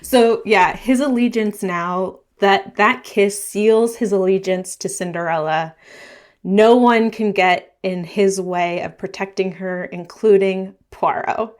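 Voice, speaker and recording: A woman co-hosting a casual podcast, recapping a mystery novel with lively energy. Her voice sits at a middle pitch and carries easily through quick, chatty storytelling. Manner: lively, animated plot retelling. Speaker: podcast co-host. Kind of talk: casual book discussion.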